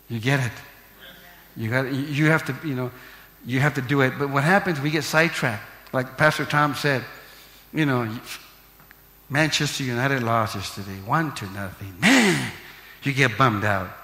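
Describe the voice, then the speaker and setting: An older man preaching a live sermon as pastor, emphatic, swinging from shouts to hushed tones. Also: medium pitch. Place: large church hall. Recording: echoey church hall with long reverb.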